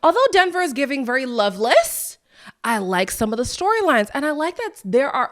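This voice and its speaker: A young adult woman hosting a casual recap podcast. She talks in a chatty, animated way and quotes people in playful voices. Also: fairly high pitch. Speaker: podcast host.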